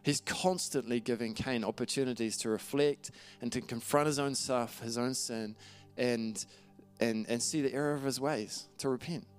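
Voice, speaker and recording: A man's voice: medium pitch, steady tone, moderate pace, few pauses, faint music behind. A man preaching a sermon in an earnest, conversational way, reading scripture aloud and often restarting his phrases. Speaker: pastor.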